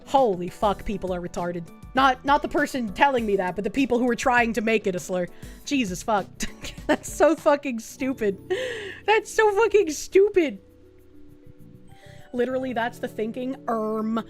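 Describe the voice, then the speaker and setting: A woman's voice: fairly high pitch, moderate pace, faint music behind. A woman streamer in casual chat, reading viewer messages aloud, swearing often and laughing easily.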